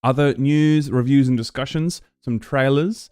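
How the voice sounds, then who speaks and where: A man's voice: mid-range voice, a little slow, few pauses, darkish tone, no echo, soft background music. A man from Australia hosting a live stream, chatting casually to his viewers with lots of fillers and restarts.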